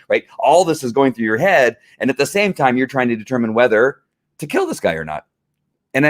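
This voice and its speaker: A middle-aged man hosting a live stream on police training, talking in an earnest, fired-up way with many restarts and fillers. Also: mid-range voice. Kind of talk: live-streamed casual talk.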